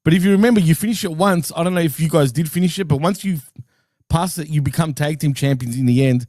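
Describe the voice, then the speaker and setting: A man with a fairly high voice talks in a relaxed, excited way, laughing easily as he reminisces. The sound is close and dry, with no room around it. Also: fast talker, no echo. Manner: enthusiastic, laughs often, nostalgic. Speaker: podcast co-host. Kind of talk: casual chat.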